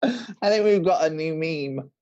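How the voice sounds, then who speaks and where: A man co-hosting a live quiz, teasing the host and laughing loudly. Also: fairly high pitch, expressive, unhurried. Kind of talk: live-streamed quiz banter. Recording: dull, muffled sound.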